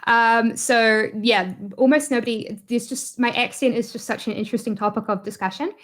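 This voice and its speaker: A woman's voice: fairly high pitch, fairly even intonation, moderate pace, a bit bright. A woman from New Zealand with a New Zealand accent, chatting as a guest in an interview, with many fillers and frequent laughs. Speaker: guest, YouTuber. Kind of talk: casual interview chat.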